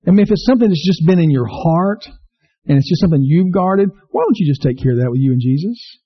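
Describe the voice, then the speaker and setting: A man's voice: expressive, fast, husky. A man preaching an earnest sermon, repeating himself and asking the congregation questions. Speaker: pastor. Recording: slightly dull low-fidelity recording.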